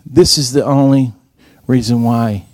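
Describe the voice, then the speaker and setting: A man's voice: fairly even intonation, a little slow, no room sound, studio quality. A man giving a sermon, telling stories and acting out the dialogue. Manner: storytelling, acts out quoted dialogue in a higher voice. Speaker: preacher.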